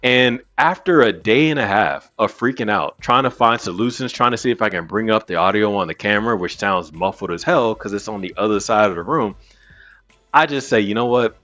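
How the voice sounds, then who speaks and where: A man hosting a podcast, telling a story in an animated, casual way and swearing freely. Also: fairly low pitch, fairly quick. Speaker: podcast host. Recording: muffled with faint music.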